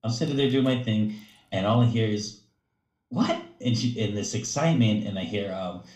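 A man's voice: on the low side, brisk, a little mellow, reverberant. A man who coaches gymnastics, telling a story in casual chat, rambling with many fillers and acting out quotes. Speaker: gymnastics coach, podcast co-host.

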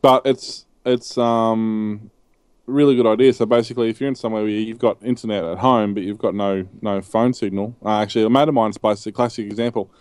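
An Australian man on a casual chat show, telling meandering stories with plenty of ums and false starts. His voice is fairly low and smooth. The recording is dry and close. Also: steady tone, brisk, a little mellow, dry recording. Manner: rambling anecdotes with many ums and restarts. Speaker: co-host.

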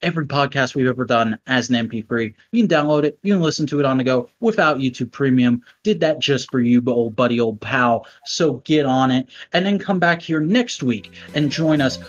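A man's voice: medium pitch, fairly quick, hardly any pauses. A man hosting a casual podcast, wrapping up with playful, showy plugs. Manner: playful hype-man plugging, lively. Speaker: podcast host. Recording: dull lo-fi sound.

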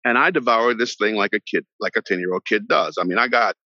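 A middle-aged man, an actor guest on a podcast, telling a long story in an animated way and acting out the voices of the people in it. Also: fairly low pitch, fast, no room sound. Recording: dull lo-fi sound, dry.

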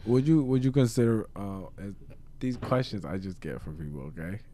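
A man's voice: fairly low pitch, expressive, moderate pace, mellow, no echo. A man co-hosting a podcast, chatting casually with slangy, laughing banter. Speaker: podcast co-host. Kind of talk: casual chat.

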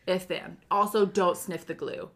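A woman in her thirties telling a funny story in casual chat, acting out the quotes with an animated delivery. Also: on the low side, a little slow, a crowd in the background. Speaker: podcast co-host.

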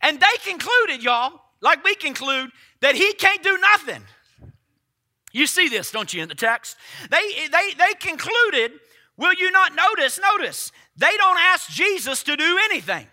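A man's voice: very high-pitched, sing-song, unhurried, bright, forceful tone. A man preaching a sermon emphatically, firing rhetorical questions at his congregation. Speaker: pastor.

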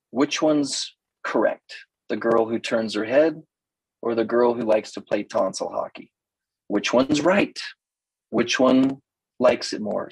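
A man's voice: mid-range voice, husky, dry recording, low-quality recording. An older man coaching women in a playful talk, often mimicking other people's voices. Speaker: relationship coach.

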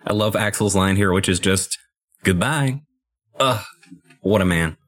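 A young man with a very low voice in relaxed podcast chat about a game. He talks through strategy in long, rambling sentences. His delivery is easygoing and conversational. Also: normal speed. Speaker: podcast co-host.

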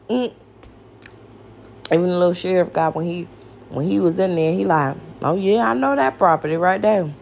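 A woman's voice: on the low side, creaky, a little mellow, slight background noise. A woman hosting a podcast, ranting in a casual, exasperated, profane way and firing off rhetorical questions. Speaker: podcast host. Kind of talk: casual rant.

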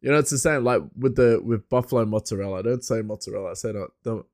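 An Australian man, an adult with a young son, hosts a podcast solo in a casual, rambling monologue, laughing often and drifting into asides. His voice is on the low side and a little mellow, and he talks at a quick pace. The recording is studio quality with no echo.

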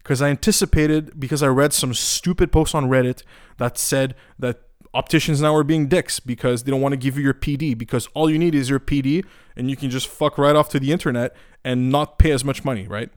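A man's voice: mid-range voice, fairly quick, smooth, no room sound, studio quality. A young man from Eastern Europe, ranting casually with lots of swearing, restarts and fillers. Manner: profane, animated, many restarts and filler words. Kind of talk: casual rant.

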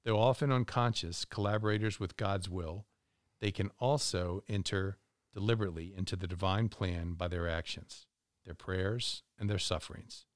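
A man reading a religious text aloud in a measured, deliberate way on a podcast. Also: low voice, no room sound, studio quality. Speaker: podcast reader.

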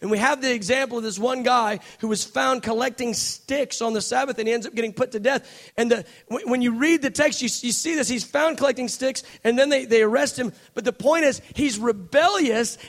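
Brief: a passionate male preacher with a very high-pitched voice, dropping to a hush and then rising to a shout. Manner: passionate, swings between hushed and shouting. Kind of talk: sermon.

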